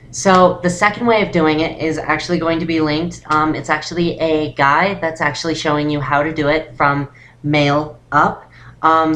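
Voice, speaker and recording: A woman's voice: sits low, fairly bright tone, a little hiss or hum. A young woman casually explaining a beginner voice lesson in a rambling way, full of "um" and "actually". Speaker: voice training vlogger.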